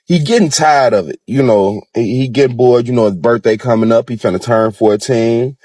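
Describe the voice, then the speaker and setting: A man's voice: medium pitch, normal speed, dark tone. A man casually telling a story in a rambling way, full of fillers. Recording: roomy echo.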